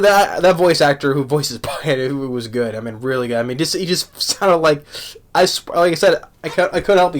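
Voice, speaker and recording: Guy rambling through an anime review, kinda high voice, keeps restarting his sentences and laughing. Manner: halting, many restarts and repeated words; laughs often while talking. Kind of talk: casual spoken review.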